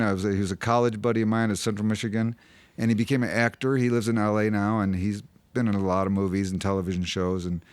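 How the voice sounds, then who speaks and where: A man's voice: lowish voice, no echo. A male singer-songwriter, a guest in a radio studio, singing a ballad and then telling its story in a rambling way full of filler words. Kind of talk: sung ballad with guitar, then chatty storytelling. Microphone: studio microphone. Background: his own guitar.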